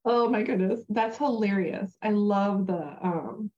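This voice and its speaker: A woman host with a mellow, darker tone puts questions to her guest, responding with short, eager exclamations. Her voice comes through somewhat dull and lo-fi. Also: medium pitch, a little slow. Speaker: interview host. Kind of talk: casual interview questions. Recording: dull lo-fi audio.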